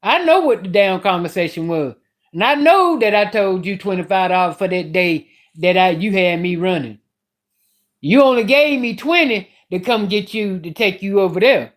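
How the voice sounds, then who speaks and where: A woman's voice: medium pitch, expressive, normal speed. A woman vlogger telling a story in a casual rant, blunt and profane as she vents.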